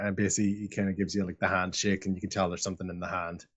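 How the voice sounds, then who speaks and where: A man's voice: sits low, level tone, quick pace, husky, highs cut off. A man narrating as game master of a tabletop game, rambling with lots of fillers.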